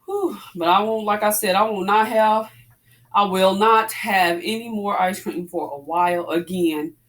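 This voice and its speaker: Working out on camera, a woman in her forties keeps up a casual, chatty conversation with viewers she calls "y'all," slightly winded and making breathy exclamations between exercises as a fitness vlogger. She speaks at a moderate pace in a steady, medium-pitched voice that is a bit bright.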